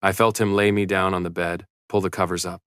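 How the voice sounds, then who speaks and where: A man narrating a first-person story in a steady, even read. His voice is deep and smooth, recorded dry and close. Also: brisk, no room sound.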